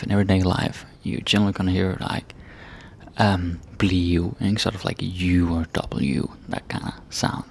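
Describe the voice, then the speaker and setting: A man teaching a casual grammar lesson, relaxed and checking in with "right?" and "eh?" as he explains. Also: low voice, creaky, husky. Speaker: language teacher.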